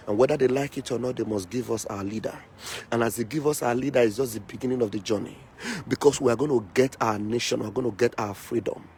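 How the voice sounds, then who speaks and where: A man's voice: medium pitch, darkish tone, a little hiss or hum. A man giving an impassioned political speech, fiery and accusatory, hammering his points by repeating lines. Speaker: political activist.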